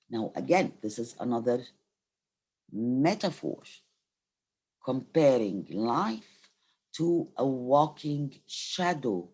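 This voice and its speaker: Speaking slowly with long pauses, a middle-aged native Arabic speaker from Egypt lectures on literature at a university in a rumbling low, sing-song, somewhat mellow and husky voice. After reading verse aloud, she explains each line and offers an Arabic gloss.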